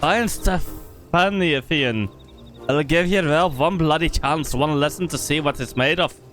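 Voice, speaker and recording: A man's voice: a little high, a little slow, a bit bright, soft background music, pitched above the performer's own voice. A man voicing a grumpy older male master gunsmith in a put-on Scottish accent, blunt and coarse. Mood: grudging.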